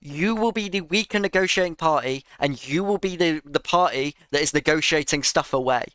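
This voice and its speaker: A man's voice: fairly high pitch, a little fast, fairly bright tone, smooth, no echo. A man giving a sarcastic, exasperated reaction rant to another creator's video.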